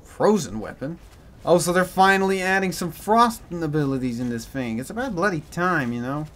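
A man giving a commented game playthrough, with a mix of American and British in his accent, swinging from panicked shouts to dry muttering. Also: on the high side, normal speed. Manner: excitable, yelps and shouts in panic, then mutters dryly. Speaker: gaming commentator.

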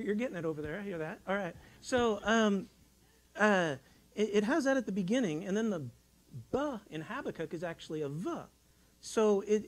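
A man's voice: high voice, low-quality recording. A man preaching in a church, talking in a folksy, rambling way with many restarts as he tells a childhood story. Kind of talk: sermon. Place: church sanctuary.

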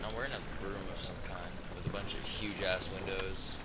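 A man's voice: low voice, steady tone, moderate pace, very noisy. A young man commentating a horror game in casual chat, jumpy, swearing and exclaiming at every scare. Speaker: gamer playing a horror game. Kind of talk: casual let's-play commentary.

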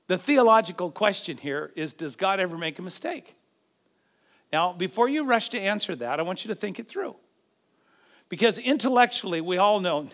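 A man preaches a sermon from the pulpit, his voice pitched high and ringing bright. He is dramatic, rising and falling sharply in pitch and volume as he acts out the voices in the scripture. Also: expressive, normal speed. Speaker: pastor.

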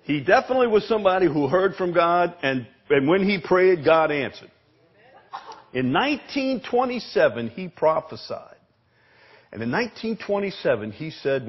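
Pastor, husky, swooping high-pitched delivery, emphatic and repetitive preaching. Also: male voice, sing-song, moderate pace, highs cut off. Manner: emphatic preaching, repeats words, asks the congregation questions. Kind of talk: sermon. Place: church sanctuary.

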